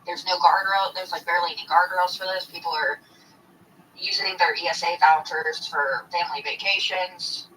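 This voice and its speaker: Bright voice reading figures from notes. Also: mid-range voice, fairly even intonation, normal speed, distant mic, a little hiss or hum, low-quality recording. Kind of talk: casual discussion. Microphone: headphones.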